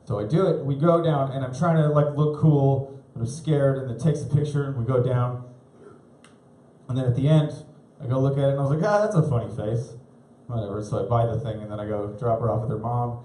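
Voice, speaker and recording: A man in his thirties doing live stand-up comedy on a club stage, rambling and self-deprecating, with halting restarts. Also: medium pitch, fairly even intonation, dark tone. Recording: roomy live club recording.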